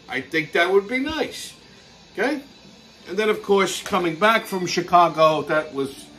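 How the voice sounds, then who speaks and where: A man's voice: on the high side, fairly bright tone. A man hosting his own show, ranting crudely and swearing nonstop in an exasperated comedic way. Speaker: podcast host. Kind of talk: profane comedic rant.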